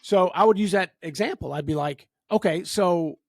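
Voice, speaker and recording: A man's voice: high voice, moderate pace, darkish tone. A man with a Kentucky accent hosting a podcast, talking in a frank, folksy, casual way. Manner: folksy, frank, calls guest bro and brother. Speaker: podcast host.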